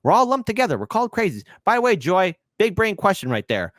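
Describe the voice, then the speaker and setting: A man hosting a political commentary livestream, sarcastic and mocking, swinging between shouts and hushed asides. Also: high-pitched, big pitch swings, fast, no echo, clean studio sound.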